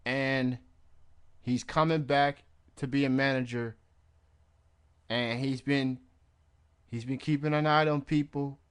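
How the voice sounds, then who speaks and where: A man's voice: medium pitch, steady tone, slow pace, long pauses, clean tone. A man hosting a wrestling radio show in casual chat, rambling and laughing at his own jokes.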